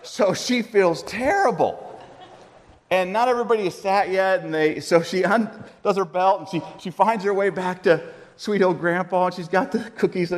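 A man preaching a sermon, telling a story in a conversational, animated way with humorous asides. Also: high-pitched, normal speed. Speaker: pastor. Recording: long hall reverb.

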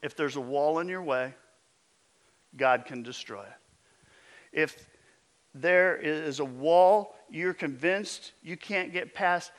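A man preaching a sermon as pastor, emphatic, with his voice often dropping low and intense. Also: slow pace, long pauses.

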